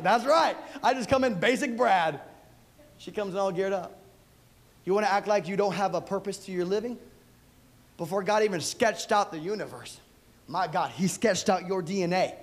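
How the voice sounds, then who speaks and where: A male pastor preaching a sermon, building repeated refrains into shouts and dropping into playful asides. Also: sits high.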